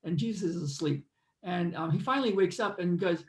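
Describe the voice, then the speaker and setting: A man's voice: high-pitched, a little fast, roomy sound. A man hosting a casual talk, telling meandering, earnest spiritual stories and guiding listeners through a moment of stillness. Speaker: host. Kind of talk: casual storytelling and guided reflection.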